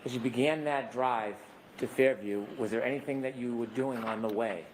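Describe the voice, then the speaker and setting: Prosecutor examining a witness, mid-pitched man's voice, steady and methodical. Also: a little hiss or hum, low-quality recording. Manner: measured, methodical questions. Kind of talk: courtroom questioning. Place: courtroom.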